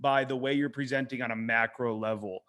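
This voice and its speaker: A man, a dating coach, talking casually on a podcast, an animated and profane storyteller who acts out quotes in a hushed voice. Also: medium pitch, a little fast. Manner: profane, emphatic.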